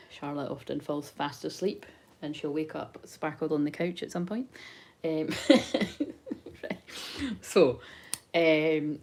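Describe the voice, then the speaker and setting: Woman, psychic reader on a phone live stream, low voice, loose, rambling, sweary delivery. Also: noisy background. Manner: rambling, chatty, swears casually, laughs often. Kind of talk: casual live-stream chat.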